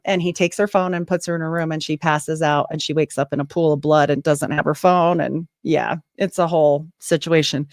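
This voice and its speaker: This woman has a deep voice, captured in studio quality without any room sound. As a podcast host or guest in a casual interview, she spins a long, animated story, bringing other people's words to life with lively voices.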